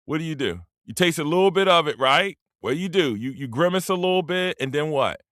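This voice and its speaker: A man's voice: fairly high pitch, lively intonation, a little fast, fairly bright tone, no echo, studio quality. A middle-aged man, hosting a casual livestream rant, loose and joking, laughing mid-sentence and calling out to his chat. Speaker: livestream host.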